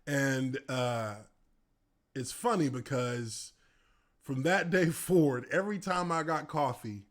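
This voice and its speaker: Slowly and in a mid-range voice, an ex-professional football player in his thirties shares casual stories. He's animated throughout, laughing and acting out what happened.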